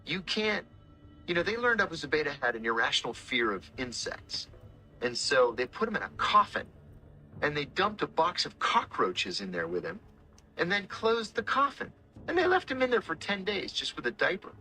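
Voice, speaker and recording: A middle-aged man, a former intelligence officer, telling stories in a measured, dramatic way and acting out the quotes. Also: fairly high pitch, very animated, sharp tone, faint music behind. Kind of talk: storytelling interview talk.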